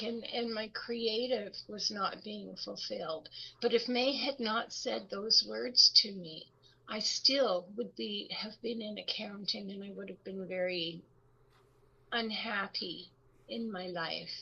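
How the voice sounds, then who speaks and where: An older woman shares a personal story in a women's circle, in an unhurried and reflective way. Her voice is gravelly and a little breathy, with a bright edge. The recording sounds slightly muffled and lo-fi. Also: mid-range voice. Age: older, about 70s. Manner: reflective, with many pauses and restarts. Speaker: guest speaker in a women's circle.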